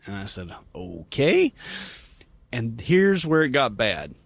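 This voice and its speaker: A man hosting a podcast, telling a story in a casual, animated way and laughing as he quotes people. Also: fairly low pitch, unhurried, gravelly, slightly rough, dry recording. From United States. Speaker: podcast host.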